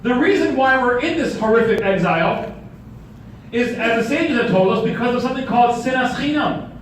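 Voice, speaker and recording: A high-voiced man delivers a sermon, mixing light stories with rhetorical questions. He is recorded from a distance in a very echoey hall, with faint noise behind him. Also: animated, fairly quick. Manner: storytelling with humor and rhetorical questions. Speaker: rabbi.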